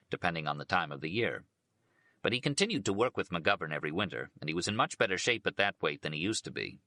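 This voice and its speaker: A man narrating a biography audiobook in a steady, unhurried reading voice. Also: low-pitched, no echo.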